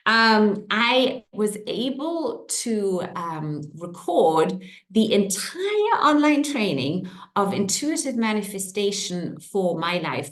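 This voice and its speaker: A middle-aged woman coach telling stories in a casual talk to an online group, lively, with quick jumps in pitch. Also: reverberant.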